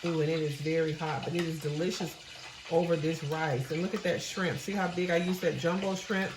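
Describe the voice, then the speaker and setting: A woman's voice: low-pitched, fairly even intonation, fairly quick, noisy background. Homey woman tasting her cooking, echoey kitchen. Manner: homey, churchgoing, tastes food on camera with mouth full. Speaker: cooking channel host. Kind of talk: casual cooking demo and tasting.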